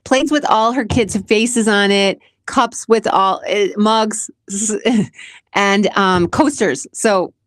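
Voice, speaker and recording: Speaking slowly in a mid-range voice, a Massachusetts woman who hosts a show and founded a community responds to questions in a laid-back vlog. Chatty and emotional, she laughs frequently and keeps restarting. The audio is studio quality with no room sound.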